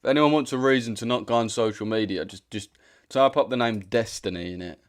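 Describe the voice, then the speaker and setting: A man's voice: mid-range voice, brisk. A young British man hosting a trading livestream, chatting casually in a blunt, slangy way that repeats itself. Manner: slangy and direct, repeats himself.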